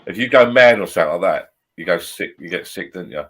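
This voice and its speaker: A man's voice: low-pitched, lively intonation, fast, fairly bright tone. A man hosting a casual live stream chat, jokey and greeting viewers by name.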